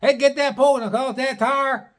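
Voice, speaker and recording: A man's voice: very high-pitched, steady tone, moderate pace, fairly bright tone, pitched above the performer's own voice. A man putting on the voice of a skinny young country bumpkin who mumbles in a garbled drawl. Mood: mumbling.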